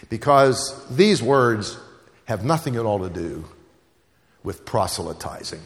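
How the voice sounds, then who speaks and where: A man's voice: fairly low pitch, sing-song, measured pace, in a large hall. A man preaching a sermon, telling stories and hammering home repeated phrases. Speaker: pastor.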